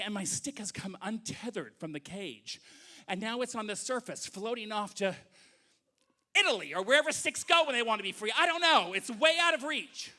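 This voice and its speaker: A man telling a comic story live on stage to an audience, animated and acting out voices. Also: extremely high pitch.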